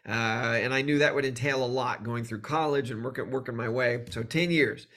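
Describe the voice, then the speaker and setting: A male comedian telling animated stories as a guest in an interview, acting out the voices he quotes. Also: medium pitch, fairly quick. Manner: animated storyteller who acts out quoted voices. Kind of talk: storytelling in a conversational interview.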